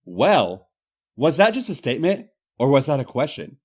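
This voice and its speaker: A man's voice: high voice, wildly swooping pitch, normal speed, pitched above the performer's own voice. A man voicing a male bartender who speaks firmly with a dry, teasing edge. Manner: firm, dry delivery. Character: firm, flirty male bartender.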